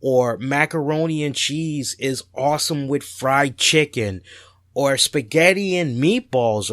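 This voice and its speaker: Animated man telling a story. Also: on the high side, dry recording, studio quality. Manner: animated, swears freely, doubles his words. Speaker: podcast host. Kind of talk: casual storytelling rant.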